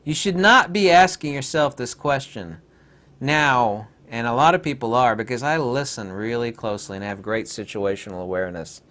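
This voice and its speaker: A man's voice: medium pitch, normal speed, fairly bright tone. A man hosting a rambling, sarcastic commentary video, full of digressions and mocking asides.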